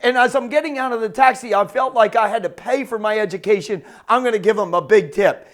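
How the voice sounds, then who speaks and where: A middle-aged man telling a funny business story in an animated way, often laughing as he speaks. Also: high voice, quick pace. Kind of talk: storytelling talk.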